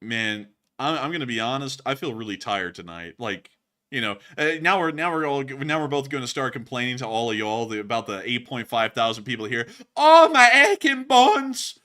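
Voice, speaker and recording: A man's voice: medium pitch, a little fast, pushed and bright. A man hosting a livestream, commenting on war footage in a casual, jokey way with lots of laughter. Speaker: stream host.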